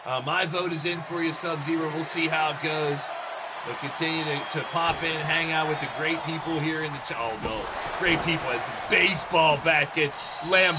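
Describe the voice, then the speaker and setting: A man doing joking, excitable solo play-by-play for a wrestling game show he hosts. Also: normal speed, heavy background noise. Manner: excitable, joking, shouts and jumps in pitch at big moments. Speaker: wrestling commentator and show host.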